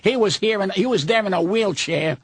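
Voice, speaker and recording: An older man with a raspy, gravelly voice that sits fairly high goes off on a profane, combative rant. He is a veteran comic guesting on a talk radio show. The sound is close and dry, with no room around it. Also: fairly quick, dry recording. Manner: profane, combative, gruff ranting.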